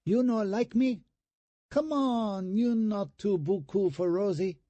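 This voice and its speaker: A man putting on a crude, mocking falsetto woman's voice with broken English for an audiobook character. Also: slow pace, warm tone, no room sound.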